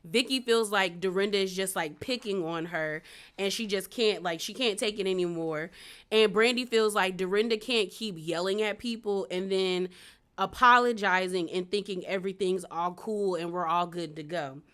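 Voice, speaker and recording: A woman's voice: medium pitch, moderate pace, a bit bright, clear, resonant tone. A young woman casually recapping a reality show, chatty and slangy, with lots of fillers. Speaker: recap vlogger.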